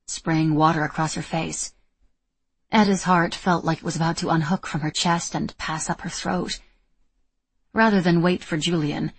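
A woman reading a novel aloud in steady, measured scripted narration. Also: on the low side, husky, no echo. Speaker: audiobook narrator.

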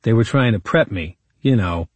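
A man's voice: fairly low pitch, animated, moderate pace, no room sound. A man voicing a defiant male witness on the stand who answers bluntly and swears with exasperation, as a quote within audiobook narration. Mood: flat.

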